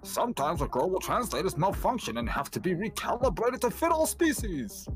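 A formal alien envoy from a pixel role-playing game, voiced by a man, stiff and polite. The delivery rises and falls with lively pitch, and game music plays underneath. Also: brisk. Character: formal male alien delegate speaking through a translator. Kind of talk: voicing video game dialogue.

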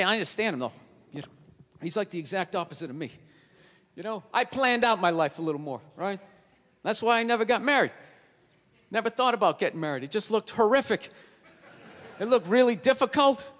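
A man doing a stand-up set on stage, ranting and swearing, often shouting his punchlines. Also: sits high. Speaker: stand-up comedian. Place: comedy stage before a laughing audience. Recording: live show, long hall reverb, faint noise.

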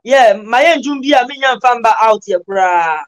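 Ghanaian guy joking around in an interview, high pitched, half chanting his lines. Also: lively intonation, moderate pace, rough recording. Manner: playful, rhythmic, slips into chanted freestyle lines. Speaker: interview guest, performer. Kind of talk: casual interview banter mixing Ghanaian Pidgin and Twi.

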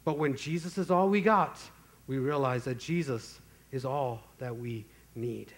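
A man preaching a sermon as pastor, earnest and emphatic, slowing down to stress key phrases. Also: medium pitch. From Texas, USA.

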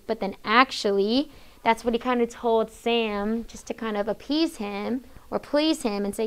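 A woman's voice: fairly high pitch, unhurried, clean tone. Woman teacher reading aloud to a class. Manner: reads quoted lines with changed voices, hushes students often. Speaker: sixth grade teacher.

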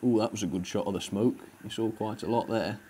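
A man's voice: fairly low pitch, fairly even intonation, a little fast, mellow, slight background noise. A young British man giving a chatty, blunt review of a model train on his video channel, laughing now and then.

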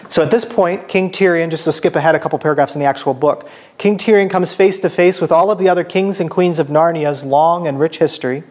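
A man's voice: on the high side, fast talker, hardly any pauses, darkish tone. A man giving a casual church lecture, informal and self-correcting, asking the audience questions and reading aloud. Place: church hall.

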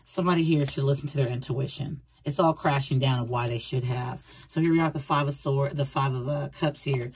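A woman's voice: extremely low pitch, fairly quick, few pauses, darkish tone, slight background noise. A woman doing a casual tarot reading, rambling and repeating herself as she talks through the cards. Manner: chatty, rambling, repeats phrases, acts out quoted thoughts. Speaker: tarot reader.

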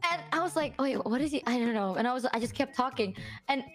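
Bubbly, giggly high-voiced woman streamer. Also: fast talker. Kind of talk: casual stream chat. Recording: stream clip with loud music.

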